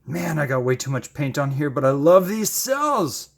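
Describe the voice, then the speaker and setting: A man chatting casually while he paints, gushing with excited exclamations and making self-deprecating asides. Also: on the high side, normal speed, gravelly. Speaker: paint-pouring channel host.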